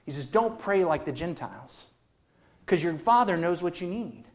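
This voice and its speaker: A preacher delivering a sermon, emphatic and building through repeated phrases, swinging between hushed passages and loud emphasis. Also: medium pitch, expressive, normal speed.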